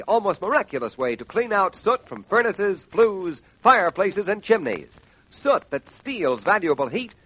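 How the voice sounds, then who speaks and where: A man announcing on a radio show, reading a brisk hard-sell advertisement, on a dull lo-fi 1940s radio recording. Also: high voice, fairly bright tone, slightly rough. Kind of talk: radio ad read.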